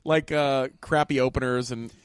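A man's voice: mid-range voice, steady tone, moderate pace, clear, resonant tone, no echo, clean studio sound. A man in his thirties, a comedian hosting a podcast, joking in laid-back casual chat and laughing often.

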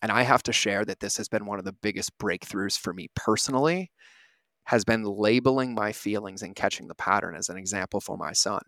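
A man's voice: fairly low pitch, fairly quick, fairly bright tone, no echo. A man in his thirties, a podcast host, giving an earnest, reflective motivational talk and often asking "right?".

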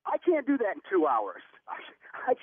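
A man's voice: high voice, wildly swooping pitch, moderate pace, slightly rough, no echo. A man working at a store, talking on a phone call, flustered and stammering, often repeating his words. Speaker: store clerk, prank target. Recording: phone line.

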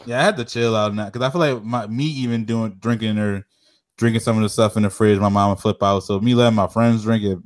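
A man's voice: lowish voice, fairly even intonation, fast, no room sound, studio quality. A young man in casual chat, ranting and telling stories with lots of slang and swearing.

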